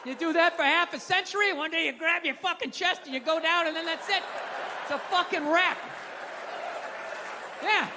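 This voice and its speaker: High-pitched profane stand-up comedian man. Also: normal speed, pauses often, a crowd in the background. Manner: profane, conversational, building to shouted punchlines. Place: live comedy venue stage. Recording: reverberant live venue, audience noise. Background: audience laughter.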